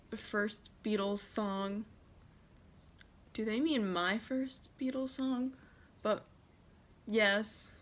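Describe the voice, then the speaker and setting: A woman's voice: mid-range voice, fairly bright tone. A teenage girl with an American accent reads questions aloud and answers each one in a casual vlog. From United States. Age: teens. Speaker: vlogger. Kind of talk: casual Q&A tag video.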